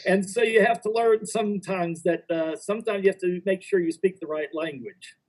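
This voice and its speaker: A man with a mellow, warm, slightly high voice speaks as a panelist at a medical conference. He recounts experiences slowly and deliberately. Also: poor audio. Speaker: panelist physician.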